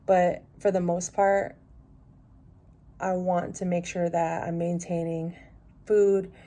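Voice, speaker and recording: A woman's voice: lowish voice, flat delivery, takes it slowly, dark tone. A woman in her forties chatting casually at home for her vlog, rambling with lots of restarts and fillers. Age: 40s. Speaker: vlogger.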